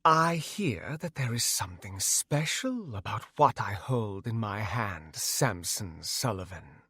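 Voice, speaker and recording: Man putting on a slow, haughty demoness queen. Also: lowish voice, big pitch swings, bright, forceful tone, husky, no echo, clean studio sound, heavily acted. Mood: domineering. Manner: slow, commanding villain voice.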